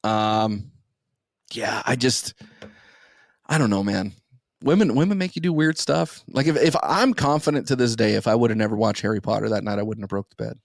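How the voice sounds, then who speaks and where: A man's voice: lowish voice, moderate pace, creaky, no room sound, clean studio sound. A young man hosting a podcast, telling a crude, rambling story in a casual, profane way. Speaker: podcast host.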